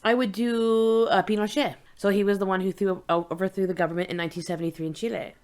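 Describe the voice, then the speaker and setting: Animated middle-aged woman podcast co-host. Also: medium pitch, quick pace. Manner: animated, laughs often, jokey. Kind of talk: casual chat.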